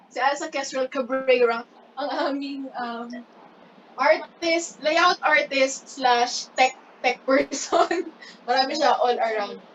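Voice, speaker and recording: A woman's voice: high voice, slow, fairly bright tone, highs cut off, slight background noise. A woman, the author at her book launch, chatting casually and giggling as she introduces her friends at an indoor party. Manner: giggly, code-switching, self-teasing. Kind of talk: casual chat.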